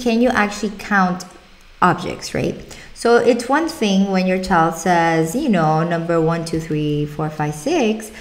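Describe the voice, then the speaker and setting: A young adult woman, a speech-language pathologist, talking parents through exercises in an upbeat way and stretching out words slowly to demonstrate. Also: fairly low pitch. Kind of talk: instructional talk to parents.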